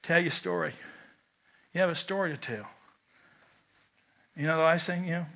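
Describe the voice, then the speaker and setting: Preaching from the pulpit, a man with a slightly high, creaky voice speaks at a moderate pace. He animatedly tells a personal story, performing its lines and shouting the quotes.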